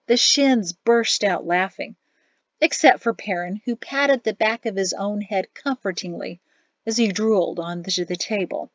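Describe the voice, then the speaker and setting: A woman narrating an audiobook in an expressive storytelling voice. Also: mid-range voice, moderate pace, no echo, lo-fi sound. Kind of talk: scripted narration.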